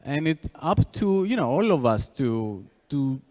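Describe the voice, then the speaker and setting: A man's voice: on the high side, big pitch swings, measured pace, dark tone. A man with a Greek accent giving a tech conference talk, with many "you know" fillers and restarts. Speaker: conference speaker. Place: conference hall. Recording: long hall reverb.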